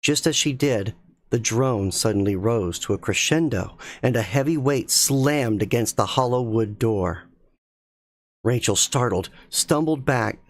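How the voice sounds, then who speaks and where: A man reading a spooky story aloud in a slow, measured, suspenseful way as a streamer. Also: medium pitch.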